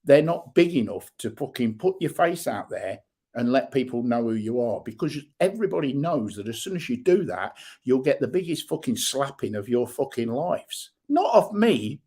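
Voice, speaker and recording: A middle-aged man, hosting a livestream and ranting bluntly with heavy swearing and shouted bursts. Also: mid-range voice, sing-song, moderate pace. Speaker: livestream host. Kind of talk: angry livestream rant.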